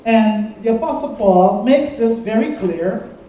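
A male pastor preaching in a church, his mellow, dark voice carrying through a strongly echoing sanctuary. He leads call-and-response lines and tells stories, heard from some distance away from the mic. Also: high-pitched, animated, unhurried, a little hiss or hum. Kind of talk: sermon.

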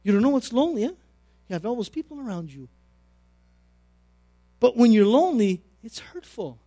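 Middle-aged man, preacher, high voice, sermon storytelling, repetitive phrasing, dry close recording. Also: sing-song, moderate pace, warm tone, dry recording. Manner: personal storytelling with repeated phrases and swings in volume.

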